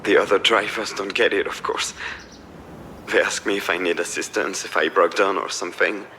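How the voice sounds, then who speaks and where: A man's voice: low voice, steady tone, moderate pace, bright, forceful tone, a little hiss or hum. An actor playing a troubled, weary man in a video game, with a subdued way of talking. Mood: somber. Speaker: game character.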